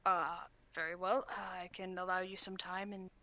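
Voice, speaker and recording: A woman's voice: on the low side, level tone, moderate pace, sharp tone. A woman narrating as dungeon master, talking hesitantly with many stops and restarts. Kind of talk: narrating a tabletop game.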